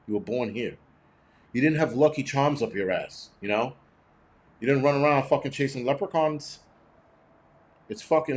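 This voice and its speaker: Middle-aged man, livestream host, cranky, blunt, swears constantly, rambling, mid-pitched voice. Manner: cranky, blunt, heavy cursing. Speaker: livestream host reading chat. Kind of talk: profane rambling livestream chat.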